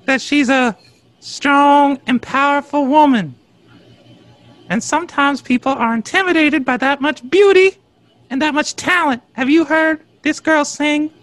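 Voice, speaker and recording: A man's voice: extremely high pitch, unhurried, fairly bright tone, no echo. A man on a comedy podcast bit, talking in a pompous, mock-indignant way over a call. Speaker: co-host. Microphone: call audio.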